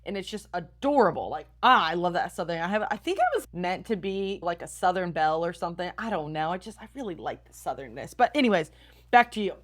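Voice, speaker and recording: A young woman hosting a motivational podcast, coaching her listeners directly in an upbeat, energetic way. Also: lowish voice, quick pace. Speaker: podcast host and style coach.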